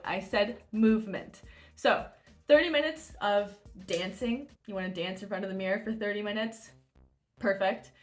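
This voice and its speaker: A woman competing in bodybuilding, telling a story and giving diet tips in a chatty, animated way that swears freely. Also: mid-range voice. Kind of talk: casual storytelling vlog.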